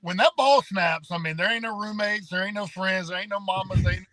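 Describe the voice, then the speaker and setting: A man's voice: high-pitched, a little fast, bright, forceful tone, a little hiss or hum, rough recording. A man telling his side of a story on a podcast, plainspoken and good-humored. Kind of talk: casual storytelling.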